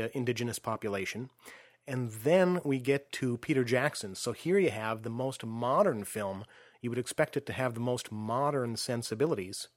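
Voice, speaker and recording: A man in a casual film discussion, speaking in a measured, informative way and steering the talk. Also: medium pitch, dry recording, studio quality. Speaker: co-host.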